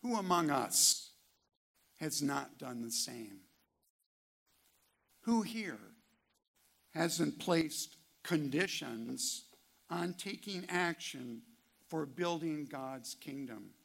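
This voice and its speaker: A man preaching a sermon, asking rhetorical questions and reading scripture with slow, deliberate emphasis. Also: a little high, vocal fry, fairly bright tone. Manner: reads scripture quotes aloud.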